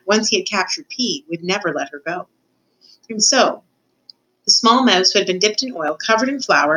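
A woman's voice: fairly low pitch, fairly bright tone, poor audio. A woman reading a children's novel aloud, speaking directly to the listener and making the odd small slip. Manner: addresses the listener as reader, with small slips. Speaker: reader.

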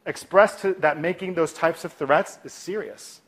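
On the high side in pitch and at an ordinary speed, a man teaches de-escalation from his work as a clinician. He's animated, yet he repeatedly goes soft and calm to perform sample replies.

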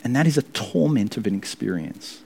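An earnest male preacher delivering a sermon. His voice sits at a mid pitch and swings up in sudden, forceful rises for emphasis. Between those peaks he drops back to a quieter, steadier delivery. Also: expressive, normal speed, creaky, slight background noise.

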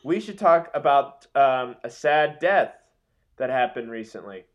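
A young man co-hosting a casual podcast chat, joking and rambling through quick asides. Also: medium pitch, expressive, lo-fi sound. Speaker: podcast co-host.

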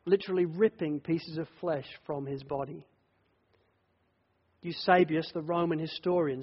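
A man's voice: a little high, husky. A man preaching a sermon in a church, telling the story vividly and earnestly. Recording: dull echoey church hall.

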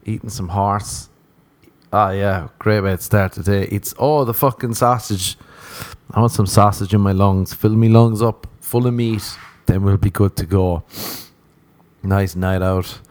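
A man's voice: on the low side, steady tone, measured pace, a little mellow, dry recording. A man hosting a casual solo podcast, rambling, swearing and mocking himself, often laughing. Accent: non-American. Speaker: podcast host.

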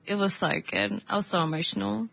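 A woman's voice: medium pitch, fairly even intonation, brisk, creaky, fairly bright tone, no echo. A woman co-hosting a casual community show, talking enthusiastically and gushing about an event. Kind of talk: casual chat.

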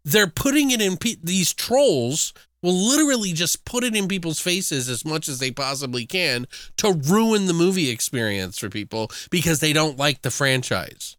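A man co-hosting a podcast in casual, animated chat, swearing freely as he rants. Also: on the high side, normal speed, few pauses, no room sound, clean studio sound. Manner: animated, profane, ranting. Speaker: podcast co-host.

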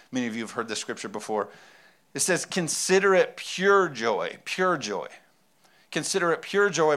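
A middle-aged man preaching a sermon, lively and conversational, with joking asides to the congregation. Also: medium pitch. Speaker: pastor.

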